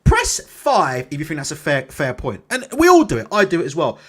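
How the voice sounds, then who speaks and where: With huge pitch swings, a fairly bright tone and a slightly fast pace, this man's voice runs on the high side. He hosts a boxing channel, sharing casual opinions studded with rhetorical "innit?" and "right?" tags, easygoing swearing and laughs at his own jokes.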